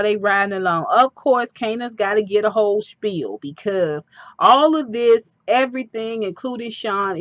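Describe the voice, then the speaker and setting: A woman giving a casual, animated recap of a TV episode with personal asides. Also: mid-range voice, no room sound, lo-fi sound.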